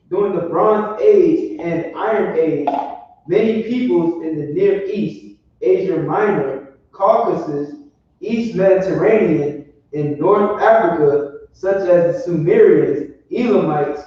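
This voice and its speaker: Man reading aloud, halting, slow, somewhat high voice, far from the mic in an echoey room. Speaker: reader in class. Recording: distant, echoey, dull lo-fi.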